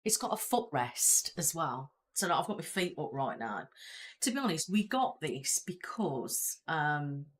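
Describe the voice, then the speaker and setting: Low-voiced chatty British woman. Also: big pitch swings, unhurried. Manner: rambling, chatty, reads viewer comments aloud. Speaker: ASMR channel host. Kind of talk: casual live-stream chat. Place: seated at home in a chair with her feet up.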